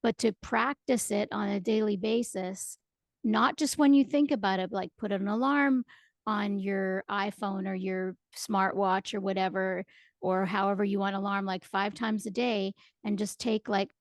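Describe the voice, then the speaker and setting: A woman's voice: mid-range voice, steady tone, a little slow, vocal fry, no room sound, clean studio sound. A woman in her fifties, a yoga and meditation teacher, co-hosting a casual podcast with upbeat, enthusiastic chat. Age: 50s. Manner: upbeat, enthusiastic, repeats words.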